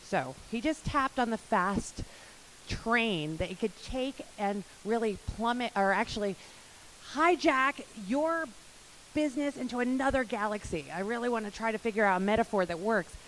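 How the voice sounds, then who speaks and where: A woman emceeing a business conference, introducing the next speaker with lively enthusiasm. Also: fairly high pitch, moderate pace, a little hiss or hum, rough recording. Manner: enthusiastic, hypes up the audience. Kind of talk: live event hosting.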